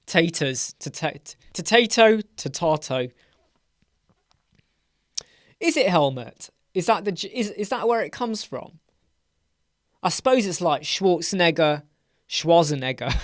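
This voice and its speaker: A man's voice: a little high, lively intonation, measured pace, no room sound, clean studio sound. Chatty, playful English man hosting. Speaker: web design live stream host. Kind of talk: casual live chat Q&A. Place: home room with a door.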